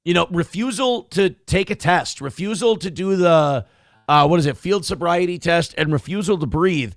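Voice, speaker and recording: A man's voice: sits high, moderate pace, no echo, studio quality. A man hosting a casual morning talk show, sarcastic and opinionated, swearing freely.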